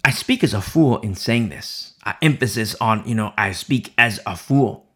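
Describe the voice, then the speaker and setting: A man's voice: lowish voice, lively intonation, moderate pace, a bit bright. A man preaching a sermon. He speaks straight to the listener and repeats key phrases for emphasis. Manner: addresses listener directly and personally.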